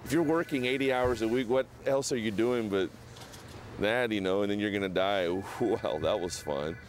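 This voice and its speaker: A man's voice: medium pitch, fairly quick, a little hiss or hum. A young man from South Arkansas, talking in a laid-back, rambling, self-mocking way in a documentary interview. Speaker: interviewee, costumed sign waver.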